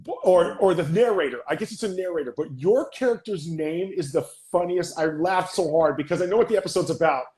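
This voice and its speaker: Excitable high-pitched male podcast host. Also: a little fast, hardly any pauses, echoey room. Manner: excitable, starts and restarts questions. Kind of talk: casual interview chat.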